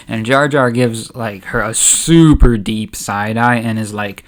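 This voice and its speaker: Guy casually narrating a story, chatty, mid pitch, uh's here and there. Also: a little slow, few pauses. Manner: chatty, relaxed, uses fillers. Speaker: YouTube host.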